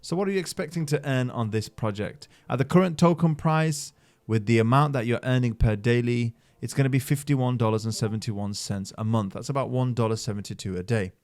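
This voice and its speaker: A man's voice: mid-range voice, brisk, darkish tone. Upbeat man hyping crypto picks. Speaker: channel host reviewing mining projects. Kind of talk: screen-share explainer voice-over.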